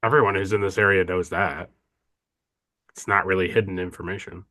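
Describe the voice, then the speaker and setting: A man's voice: low voice, steady tone, fairly quick, pushed and bright. A man voicing a suspicious male colonist spokesman in a tabletop game who argues back in a defensive, matter-of-fact way. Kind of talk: tabletop role-play.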